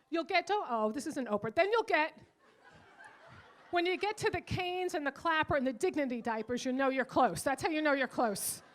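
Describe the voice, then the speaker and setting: A brash older woman doing stand-up on a club stage. Her voice sits high and bright, and she is bawdy and quick to tease. She swings between loud punchlines and low, quiet asides. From Irish. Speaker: stand-up comedian. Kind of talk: stand-up comedy set.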